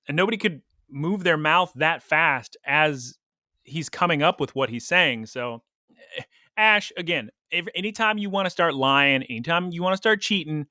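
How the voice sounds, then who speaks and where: A man's voice: on the high side, sharp tone, no echo, studio quality. A man co-hosting a podcast, recapping a cartoon episode in casual, opinionated chat and laughing often. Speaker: podcast co-host.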